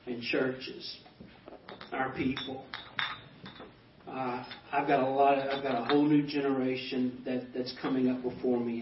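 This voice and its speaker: Animated pastor in an echoey hall. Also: male voice, medium pitch, slight background noise. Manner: animated storyteller acting out quoted dialogue. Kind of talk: personal testimony speech. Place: banquet hall. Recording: echoey hall, distant dull mic.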